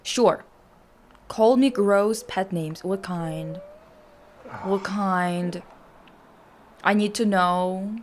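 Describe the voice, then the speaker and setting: A woman's voice: medium pitch, fairly even intonation, very slow, long pauses, a little hiss or hum. A young adult woman hosting a casual stream chat, reacting bluntly and with lots of swearing as she reads out stories. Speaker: streamer host.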